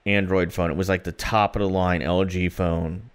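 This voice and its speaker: A man's voice: low voice, level tone, moderate pace, clear, resonant tone. A man co-hosting a podcast, chatting casually and telling rambling stories with plenty of fillers. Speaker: podcast co-host.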